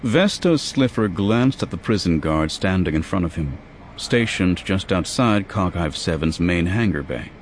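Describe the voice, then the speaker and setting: Low male narrator reading steadily, faint noise behind. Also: animated, measured pace. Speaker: audiobook narrator. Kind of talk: scripted narration.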